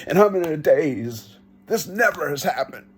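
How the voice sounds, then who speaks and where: A man giving an earnest first-person testimony, telling it slowly and reenacting his own pleas. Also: a little high, animated, slightly rough. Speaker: vlogger.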